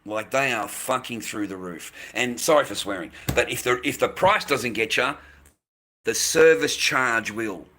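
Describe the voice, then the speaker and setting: Sweary, bright-voiced Australian man ranting. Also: mid-range voice, measured pace, slight background noise. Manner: sweary, blunt, repeats himself. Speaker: livestream host. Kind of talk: casual ranting to viewers.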